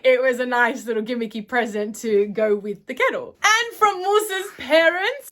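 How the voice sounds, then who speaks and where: A woman's voice: a little high, fairly bright tone. A young woman from Australia with an accent that is not typically Australian, chatting enthusiastically in a vlog about her gifts. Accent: not a typical Australian, somewhat British-sounding. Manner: chatty and enthusiastic, with small self-corrections. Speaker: vlogger. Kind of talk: casual chat.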